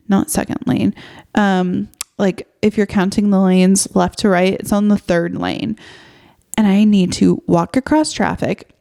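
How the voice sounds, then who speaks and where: A woman's voice: mid-range voice, vocal fry, warm tone. Rambling woman podcaster telling a story. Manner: rambling, filler-heavy, exasperated retelling. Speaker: podcast host. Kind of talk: casual storytelling monologue.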